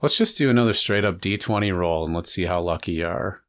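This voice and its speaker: A man's voice: low-pitched, animated, quick pace, fairly bright tone. A man narrating as dungeon master in a laid-back, rambling way. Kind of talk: narrating a tabletop game.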